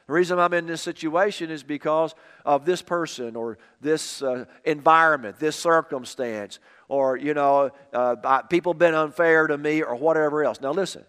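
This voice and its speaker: A man preaching a sermon with emphatic, repeated phrases, dropping quiet on key lines. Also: a little high, smooth. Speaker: pastor. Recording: long reverb of a hall.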